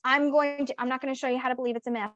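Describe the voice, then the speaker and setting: A fairly high-voiced woman coaching on a podcast, blunt and emphatic and never shy of a swear word. Her voice sits dry and close, with no room around it. The recording is dull and lo-fi. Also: flat delivery, racing, fairly bright tone, dry recording. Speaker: business coach. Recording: dull lo-fi audio.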